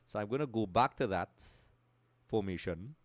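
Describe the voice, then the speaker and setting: A man's voice: lowish voice, expressive, moderate pace, dry recording. A male gaming streamer chatting live, greeting viewers and reading out the chat.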